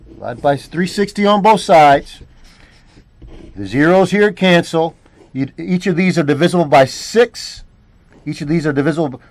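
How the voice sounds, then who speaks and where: A man's voice: fairly high pitch, darkish tone. A male math teacher working through a word problem step by step, often repeating phrases and checking in with "all right?". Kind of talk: classroom lesson walking through a problem.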